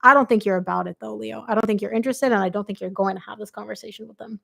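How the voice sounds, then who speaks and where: A woman's voice: medium pitch, rapid-fire, gravelly. Chatty woman losing her voice. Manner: chatty, excitable, quotes people aloud. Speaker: tarot reader. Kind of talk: live tarot reading.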